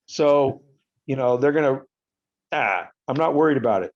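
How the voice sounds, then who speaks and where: A man in his fifties telling a story as a podcast guest, in an animated and profane way. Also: medium pitch, normal speed, muffled recording. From United States. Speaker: podcast guest, retired wrestler. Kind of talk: casual storytelling interview.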